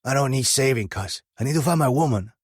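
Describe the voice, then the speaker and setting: A man voicing a hotheaded young male biker prospect who talks loudly and defiantly, with a growly edge. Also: mid-range voice, expressive, quick pace, breathy edge, no echo, studio quality, voice pushed up.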